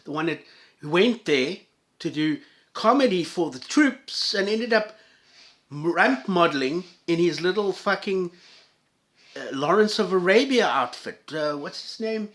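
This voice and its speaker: A man with a fairly high voice delivers an angry, profanity-laced commentary. He swings between loud outbursts and low, sarcastic muttering. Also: lively intonation, a little slow. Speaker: commentator reacting to videos.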